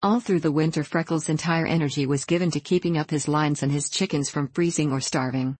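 A woman with a low voice narrates a novel in a measured, steady way. The recording is dry and close. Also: slightly rough, dry recording. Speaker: audiobook narrator. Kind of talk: scripted narration.

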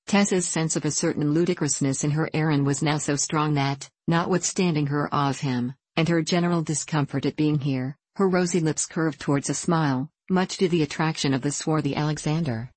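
A woman narrating a classic novel in a measured, even reading. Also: deep voice, no echo. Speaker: audiobook narrator. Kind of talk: scripted narration.

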